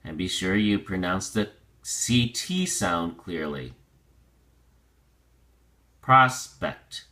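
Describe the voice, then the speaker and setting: A man teaching a vocabulary lesson, drilling pronunciation slowly and restating each point in other words. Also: deep voice, lively intonation, fairly bright tone. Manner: slow, deliberate pronunciation drills; explains with repetition and restatement.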